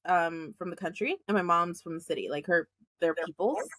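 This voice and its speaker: A woman co-hosting a podcast in casual chat, animated and quick to laugh as she tells stories. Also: on the low side, no room sound. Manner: chatty, laughs often, animated storytelling. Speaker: podcast co-host.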